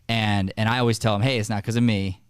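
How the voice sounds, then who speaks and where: Male host, acting coach type; earnest, emphatic, low-pitched, dry mic. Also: steady tone, quick pace, smooth, no room sound. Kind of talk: casual podcast discussion.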